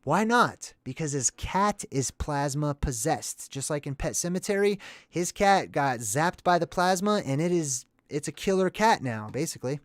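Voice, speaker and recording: A man hosting a casual movie commentary video, talking in a chatty, excitable and rambling way. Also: on the high side, normal speed, no room sound, studio quality.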